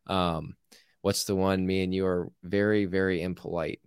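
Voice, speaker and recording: Give me a very deep-voiced man chatting loosely on a podcast, dry close mic. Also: little pitch movement, moderate pace, smooth, no echo. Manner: laughs easily, rambling, says "you know what I mean?". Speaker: podcast co-host. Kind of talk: casual conversation.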